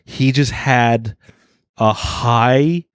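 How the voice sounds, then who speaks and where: A young man co-hosts a podcast and rambles along in a deadpan way, tripping over the odd word. His voice sits at a middle pitch for a man. The sound is dry and close, with no room around it. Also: extremely slow, clean tone, dry recording. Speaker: podcast co-host. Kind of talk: casual chat.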